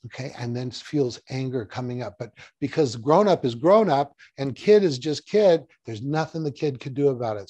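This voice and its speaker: Middle-aged guy chatting thru a hypnosis lesson, mellow voice, dry close sound. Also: medium pitch, animated, normal speed, few pauses, dry recording. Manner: storytelling, conversational, repeats key phrases. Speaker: hypnotherapy trainer. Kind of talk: casual teaching talk to camera.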